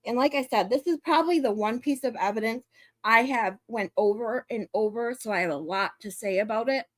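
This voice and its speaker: High-voiced woman reacting bluntly. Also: no room sound. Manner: blunt, swears, talks over paused clips. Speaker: true-crime commentary host. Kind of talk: casual reaction commentary.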